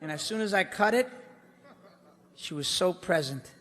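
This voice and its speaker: A man performing a brash, animated stand-up monologue, swinging between loud outbursts and hushed asides. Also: high voice, moderate pace, long reverb tail. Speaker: comedian. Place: theater stage.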